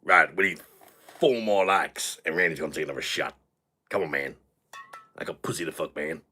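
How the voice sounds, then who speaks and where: A man's voice: a bass voice, normal speed, sharp tone, slight background noise. A British man putting on a crude, cocky American character with a put-on American accent, swaggering and vulgar on a live stream. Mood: boastful.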